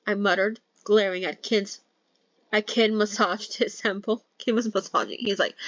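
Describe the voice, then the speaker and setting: A woman's voice: medium pitch, fairly even intonation, normal speed, a bit bright, no echo, highs cut off. Young woman reading a novel with jokey asides. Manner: joking asides, swears, self-corrects. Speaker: novel reader. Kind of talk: casual novel read-along with commentary.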